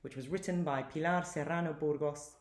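A woman reading her translation of a picture book aloud in a measured, rhythmic storytelling manner. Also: deep voice, fairly even intonation. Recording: roomy echo.

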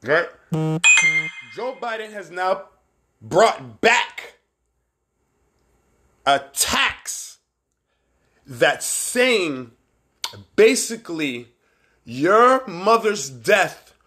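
Man, Barbadian accent, livestream host, casual profane rambling, slightly high voice, bright and forceful tone. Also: very animated, drawn-out words, long pauses. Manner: candid, profane, rambling, shouts out viewers by name. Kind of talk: casual live-stream commentary.

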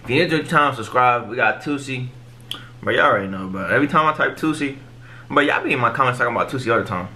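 A man's voice: medium pitch, expressive, fast, sharp tone, slight background noise. A young man hosting a music reaction video, talking in casual, profane street slang and cutting in over the song.

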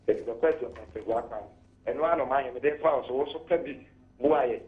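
A man's voice: medium pitch, fast talker. A man calling a radio show to plead formally for a road repair. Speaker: caller. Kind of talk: radio call-in appeal. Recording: tinny phone line.

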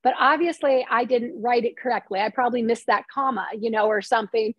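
High-voiced woman telling stories animatedly. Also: no room sound, muffled recording. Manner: animated, fast storytelling with many restarts. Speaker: screenwriter and novelist guest. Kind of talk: casual interview talk.

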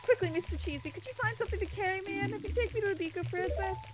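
A woman's voice: extremely high pitch, very fast, pitched above the performer's own voice. A woman voicing a prim, fussy young princess with a Southern accent and a haughty, dramatic manner. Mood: urgent. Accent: American Southern. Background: video game music.

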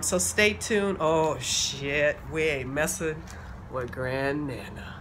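A woman, excitedly chatting to her viewers, laughing and calling them y'all. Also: low voice. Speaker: playwright unboxing a project deck. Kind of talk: casual vlog talk. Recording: background noise.

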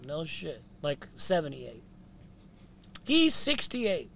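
A man from Canada with a high, raspy speaking voice, telling stories in casual chat and swearing freely. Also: wildly swooping pitch, slow pace, sharp tone. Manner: swears freely, jumps into voices mid-story. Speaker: podcast guest. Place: inside a van. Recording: faint noise in a vehicle.

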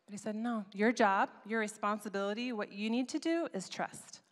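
A woman giving a sermon at a conference, telling a story with lively, acted-out asides. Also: mid-range voice, normal speed. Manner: animated storytelling, acts out her own past voice. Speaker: conference speaker. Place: church auditorium. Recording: long reverb of a large hall.

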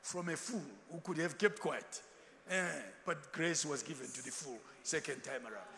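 A man preaching a sermon in a large church hall, lively and animated, acting out quotes and slipping into Ndebele asides. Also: a little high, moderate pace. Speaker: pastor.

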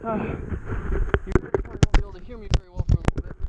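A man vlogging while fishing a river, talking excitedly to viewers and the fish on an action camera. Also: high-pitched, rapid-fire, muffled recording. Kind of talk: excited outdoor fishing commentary. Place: outdoors by a river. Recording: noisy outdoor camera audio. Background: river water and wind.

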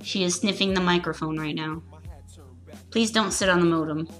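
A woman's voice: on the low side, moderate pace, loud music behind the voice. A woman streaming a game, reading its text aloud with giggly, crude offhand jokes. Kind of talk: casual let's play commentary, reading game text aloud.

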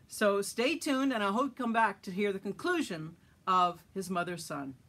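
A woman's voice: mid-range voice, lively intonation, normal speed, fairly bright tone. Woman reading her own story aloud.

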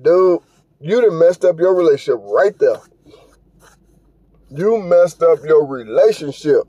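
A man's voice: on the high side, lively intonation, measured pace, dark tone, husky, no room sound. A middle-aged man hosting a podcast, giving blunt, profane, scolding commentary as he reacts to a video. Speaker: podcast host.

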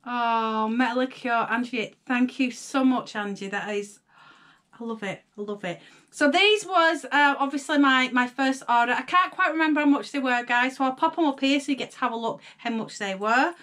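Brief: young Northern English woman vlogger, gushing and excitable, a touch higher in pitch. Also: normal speed. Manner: gushing, excitable, gasps and chatters to viewers. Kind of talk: casual unboxing chat.

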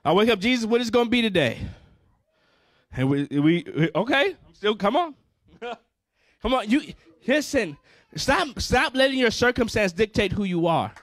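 A man's voice: high-pitched, very animated, normal speed, a bit bright, no room sound, clean studio sound. A male pastor preaching a fervent sermon, repeating phrases and calling out to the congregation.

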